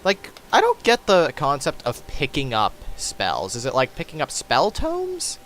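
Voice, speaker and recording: A man casually commentating his own gameplay, thinking aloud and halting with frequent ums. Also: fairly high pitch, wildly swooping pitch, fairly bright tone, a little hiss or hum. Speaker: let's play host playing the game.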